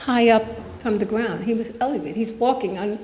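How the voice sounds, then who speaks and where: A woman's voice: a little high, normal speed, warm tone, a little hiss or hum. An older woman giving a guest talk, earnestly telling a personal story with quoted dialogue. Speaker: guest speaker. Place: spiritual center meeting room. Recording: echoey room with faint ambience.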